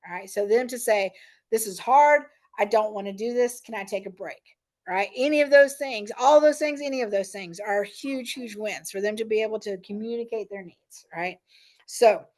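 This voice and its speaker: A middle-aged woman leading a parent training session in a casual, conversational way, often checking in with "right?" and "um". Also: on the high side. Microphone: meeting recording.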